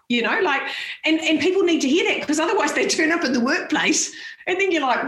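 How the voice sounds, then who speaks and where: A woman's voice: high voice, expressive, quick pace, a bit bright. A woman, talking bluntly and frankly as a podcast guest and laughing often. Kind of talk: casual chat. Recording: roomy echo.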